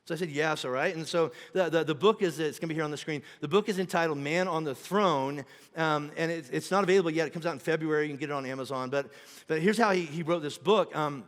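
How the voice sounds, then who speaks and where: A man's voice: on the high side, quick pace, in a large hall. A middle-aged man preaching a sermon as pastor, in a conversational way, acting out quoted voices. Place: church auditorium.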